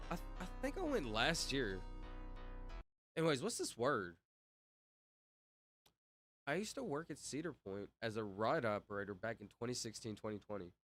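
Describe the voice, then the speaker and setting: A man's voice: fairly high pitch, pushed and bright. A young man chatting casually on a livestream, reading out comments and reacting in slang. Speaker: streamer.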